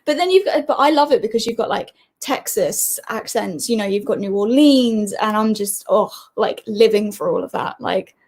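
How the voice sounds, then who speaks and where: A woman's voice: medium pitch, lively intonation, moderate pace, hardly any pauses, a little mellow. A young woman from England with an English accent, chatting as a guest in a bubbly, giggly way. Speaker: guest YouTuber. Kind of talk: casual interview chat.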